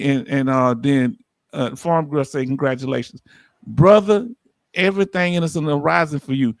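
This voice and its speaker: Animated Southern man hosting a livestream. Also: on the high side, no echo. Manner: animated, reads comments aloud, folksy. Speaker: livestream host. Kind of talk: casual livestream talk reading viewer comments.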